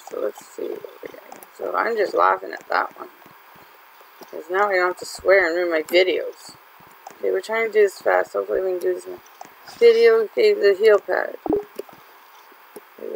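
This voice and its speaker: A woman's voice: mid-range voice, fairly even intonation, moderate pace, gravelly, long pauses, slight background noise, poor audio. A woman hosting a gaming channel, chatting and teasing through her commentary as she plays. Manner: chatty and teasing, laughs often. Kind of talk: let's-play commentary.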